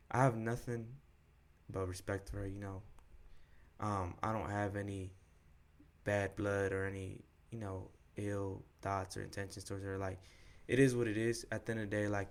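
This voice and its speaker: A man's voice: fairly low pitch, little pitch movement, normal speed. A young man co-hosting a podcast, frankly retelling a breakup in slangy, profane everyday talk. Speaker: podcast co-host. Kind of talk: candid personal storytelling.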